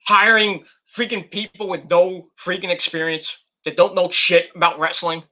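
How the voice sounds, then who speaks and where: A man's voice: sits high, flat delivery, normal speed, pushed and bright. A middle-aged man hosting a livestream, ranting casually and profanely with sarcastic mock quotes. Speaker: streamer host.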